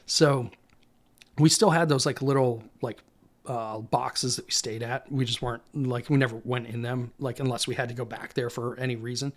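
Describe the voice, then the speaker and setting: A man's voice: mid-range voice, normal speed. A young man, a Marine veteran, recounting his deployment in a candid, rambling way, full of fillers and acted-out dialogue. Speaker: Marine infantry veteran guest. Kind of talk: casual storytelling interview.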